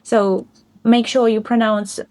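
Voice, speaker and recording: A woman's voice: on the high side, little pitch movement, darkish tone, no echo. Encouraging woman giving speaking-test feedback. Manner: encouraging, frequent laughs, quick bursts. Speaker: IELTS speaking examiner. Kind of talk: mock exam feedback.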